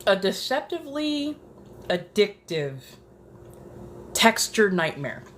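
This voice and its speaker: Woman chatting slow into a close mic at home, swears a lot, whispers now and then, faint hum behind. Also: mid-range voice, very animated. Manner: profane, dramatic, drifts into whispers. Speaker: ASMR streamer. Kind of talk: casual chat. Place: apartment.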